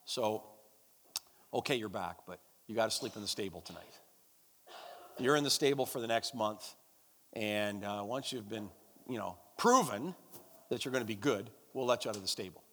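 A man's voice: on the low side, animated, moderate pace, pauses often, fairly bright tone, a little hiss or hum, pitched below the performer's own voice. A preacher voicing a grudging, hesitant father. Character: grudging stern father, middle-aged man. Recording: long hall reverb.

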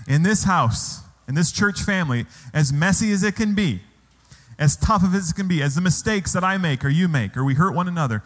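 Pastor, man, slightly high voice, preaching with rhetorical questions, long church reverb. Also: expressive, brisk, fairly bright tone. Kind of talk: sermon. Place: church hall.

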